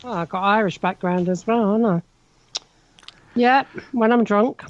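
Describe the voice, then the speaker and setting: A woman's voice: medium pitch, moderate pace. A woman with a South London accent, chatting and teasing on a radio show and laughing often. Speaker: medium. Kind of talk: casual radio chat. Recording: dull lo-fi remote line.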